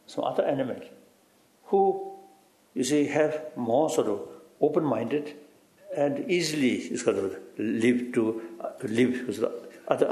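A man giving halting, reflective interview answers in broken English, often repeating "you see" and chuckling. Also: medium pitch, a little mellow, roomy sound. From Tibet. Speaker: interviewee, spiritual teacher.

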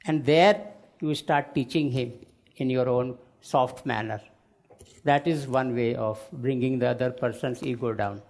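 A man on a panel who explains a point in a measured, deliberate way. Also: medium pitch, a little mellow.

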